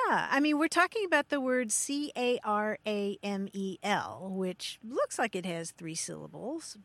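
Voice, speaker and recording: A woman's voice: medium pitch, fairly bright tone, dry recording. A woman from Kentucky co-hosting a radio show about language, chatting encouragingly with young callers. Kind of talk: casual radio chat.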